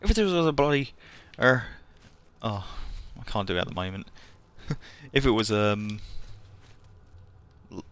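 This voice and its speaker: A man's voice: fairly low pitch, big pitch swings, a little slow, long pauses, a bit bright. A man streaming a game live, chatting casually and rambling, often laughing at himself.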